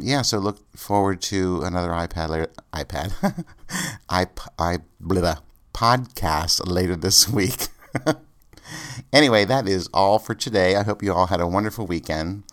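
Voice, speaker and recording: A man's voice: low-pitched, a bit bright. A man hosting a casual solo podcast, rambling and thinking aloud with lots of ums and uhs. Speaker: podcast host.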